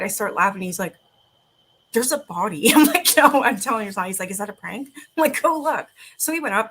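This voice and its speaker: Chatty woman, bright voice. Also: mid-range voice, slight background noise, low-quality recording. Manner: chatty, laughs often, greets viewers. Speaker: streamer reading spooky stories. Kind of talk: casual livestream chat and reading aloud.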